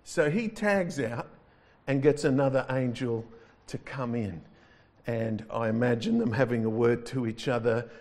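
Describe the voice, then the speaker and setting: A man's voice: medium pitch, unhurried, a little mellow. A male pastor preaching a sermon in a conversational, wry manner, stretching words for emphasis.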